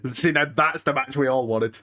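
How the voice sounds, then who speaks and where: A man's voice: medium pitch, normal speed, pushed and bright. Emotional young man streaming. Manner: restless and emotional, sighing and muttering oaths. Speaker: streamer hosting a live watch-along. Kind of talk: casual live-stream chat, reading and answering chat.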